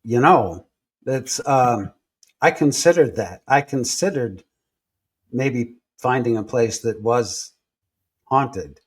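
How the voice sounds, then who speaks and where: A man telling personal stories in a relaxed interview, acting out the people he quotes as he goes. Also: medium pitch, slow pace, long pauses, slightly rough. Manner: animated storyteller acting out quoted voices. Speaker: guest. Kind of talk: storytelling in a conversational interview.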